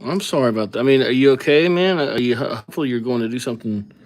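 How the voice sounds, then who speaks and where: A man's voice: mid-range voice, quick pace, a little mellow. A man hosting a live calligraphy stream, chatting casually and rambling as he thinks aloud between names. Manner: rambling, easygoing, thinks aloud while writing. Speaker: livestream calligraphy host.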